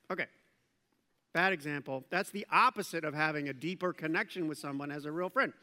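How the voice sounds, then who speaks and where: Speaking briskly in a slightly high voice, a middle-aged male pastor retells a story during a sermon in a large hall. He keeps it animated with playful jokes and asides.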